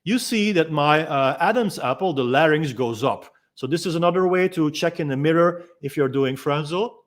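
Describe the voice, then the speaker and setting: A man with a slightly high-pitched voice calmly teaches a freediving technique. He explains in a gentle, unhurried way and pauses often with small ums between his points. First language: Dutch. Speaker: freediving instructor. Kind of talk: instructional demonstration.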